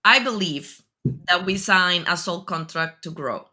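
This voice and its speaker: A woman with a bright, sharp voice hosting an interview, her first language Spanish. She speaks earnestly and thinks aloud with small fillers. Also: lowish voice, expressive, a little slow. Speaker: host. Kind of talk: interview talk.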